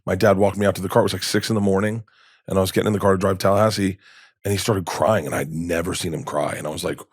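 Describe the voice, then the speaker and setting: A man's voice: deep voice, steady tone, rapid-fire, breathy edge, no room sound, clean studio sound. A middle-aged man, a comedian guest, telling candid stories in a podcast interview, rambling and restarting, with emotion showing through.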